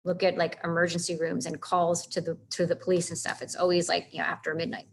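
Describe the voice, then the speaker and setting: A woman teaching a casual literature lesson, chatty and animated, stopping to read lines of verse aloud with heavy stresses. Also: lowish voice, fast, vocal fry, few pauses, slight background noise. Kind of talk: casual classroom lecture on literature.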